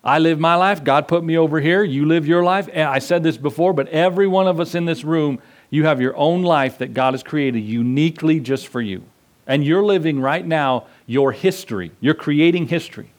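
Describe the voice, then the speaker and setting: A man's voice: fairly high pitch, normal speed. A middle-aged male pastor preaching a sermon in a conversational way, acting out voices in his stories.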